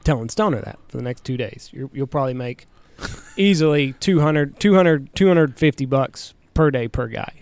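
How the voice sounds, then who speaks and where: A man's voice: medium pitch, animated, normal speed, few pauses, darkish tone, smooth, no echo. A man co-hosting a podcast, rambling through a casual, profane story with plenty of fillers. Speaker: co-host.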